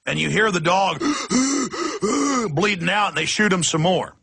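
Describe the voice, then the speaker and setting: A man's voice: sits high, fairly quick, vocal fry, sharp tone, breathy edge. A man hosting a radio talk show, delivering an impassioned, ranting monologue and acting out quoted voices.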